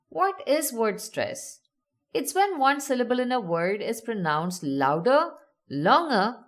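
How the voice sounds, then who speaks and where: A woman narrating a scripted lesson with a lively, swooping pitch that rises and falls. Her tone is upbeat and instructive, and she slows down and draws out key words to stress them. Her voice sits in an ordinary middle pitch. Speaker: teacher.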